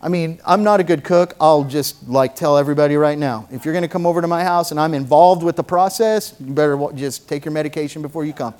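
A man's voice: fairly high pitch, quick pace, hardly any pauses, a little mellow. A middle-aged man preaching a sermon, folksy and joking at times, building to fervent preaching. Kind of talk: sermon with object lesson.

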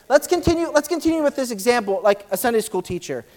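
Reading scripture aloud during a church sermon, a preacher with a very high voice races along with excitement, repeating words frequently as he pushes forward.

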